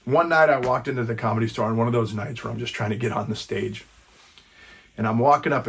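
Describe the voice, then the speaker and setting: A man's voice: on the low side, gravelly, husky. A stand-up comedian in his fifties telling a rambling, profane story in a casual vlog. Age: 50s. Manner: rambling, profane, frequent restarts.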